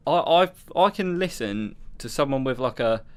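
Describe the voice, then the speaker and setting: A young man from southern England co-hosts a podcast, his medium-pitched, smooth voice expressive and at a normal speed. The chat is casual and rambling, and he is chatty, slipping into mock accents now and then.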